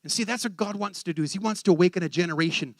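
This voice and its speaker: A man preaching, telling a story with excitable energy and acting out the voices in it. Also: high voice, racing, dry recording. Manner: animated, excitable storyteller who acts out voices. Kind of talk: sermon storytelling.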